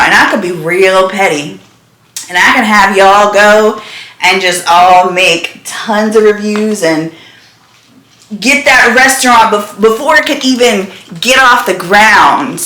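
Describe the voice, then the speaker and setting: A lifestyle vlogger speaks casually and candidly to the camera, her mid-range voice bright and forceful, though now and then she drops almost to a whisper. The room she's in is echoey.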